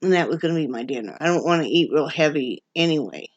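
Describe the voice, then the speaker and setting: A woman's voice: sits low, animated, fast talker, no room sound, lo-fi sound. Chatty, rambling woman from Wyoming. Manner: rambling, chatty, restarts sentences. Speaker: vlogger. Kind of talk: casual home chat. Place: at home, indoors.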